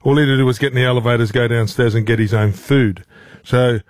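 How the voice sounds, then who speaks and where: A man's voice: mid-range voice, fairly even intonation, fast talker, no room sound. An Australian man co-hosting a radio show, teasing the others and telling a story. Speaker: radio host. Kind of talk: bantering radio chat.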